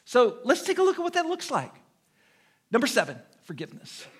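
A man's voice: very high-pitched, brisk, slightly rough. A middle-aged American man preaching a sermon as pastor, telling stories with humor and imitating horn beeps. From United States. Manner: animated, humorous storytelling with vocal sound effects.

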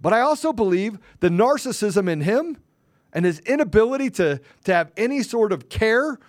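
A podcast host with a high, lively voice launches into a combative, taunting rant at a moderate pace, hammering his points with repeated phrases and mild cursing. The recording is dry and close, with no room sound.

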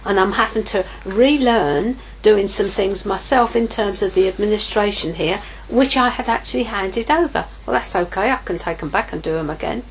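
A woman's voice: medium pitch, normal speed, hardly any pauses, a little hiss or hum, poor audio. A middle-aged woman giving an informal sermon, telling a personal story candidly and acting out her own inner dialogue. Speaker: ministry leader preaching.

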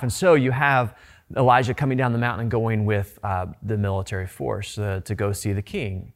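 A man's voice: fairly low pitch, steady tone, moderate pace. A middle-aged man preaching a sermon as a pastor, conversational and emphatic, often repeating his phrases for weight.

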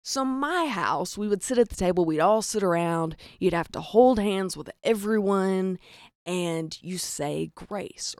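A young woman from the American South talks in a chatty, self-mocking way, with lots of "like" in her speech. Her Southern accent is clear, and her voice has a gravelly fry. The sound is close and dry. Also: mid-range voice, a little mellow, no room sound. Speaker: podcast host. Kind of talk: comedic storytelling monologue.

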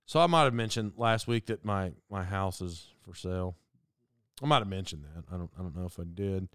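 Deep-voiced and fairly quick, this middle-aged podcast host has a clean tone, recorded in studio quality with no room sound. His casual monologue wanders through stories, animated and full of self-mockery.

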